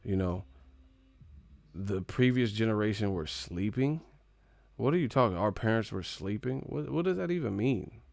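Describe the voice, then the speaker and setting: A man's voice: lowish voice, animated, moderate pace, creaky, a little mellow, no echo. Profane joking man on a live stream. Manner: profane, joking, mocking rants. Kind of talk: casual live-stream commentary.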